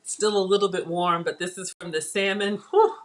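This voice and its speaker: Captured very noisily on a tablet on the counter, a cooking channel host talks at normal speed in a fairly low voice with fairly even intonation. She's live-streaming from her home kitchen, reading viewer comments aloud while working.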